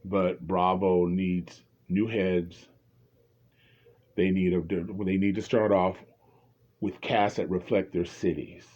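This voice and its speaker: A man's voice: sits low, level tone, slow, a little mellow, lo-fi sound. A man commenting on reality TV in a casual, rambling, opinionated way, often restarting his sentences.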